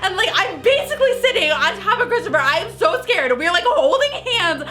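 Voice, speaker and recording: A woman's voice: very high-pitched, sing-song, moderate pace. A young woman telling a story on her vlog, breathless and laughing as she goes. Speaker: vlogger.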